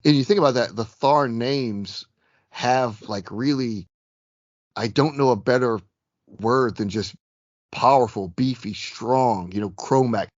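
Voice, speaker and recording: A man co-hosting a casual podcast about a tabletop game, chatty and self-deprecating, rambling a bit, slightly hoarse. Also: medium pitch, measured pace, no echo, muffled recording. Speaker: podcast co-host.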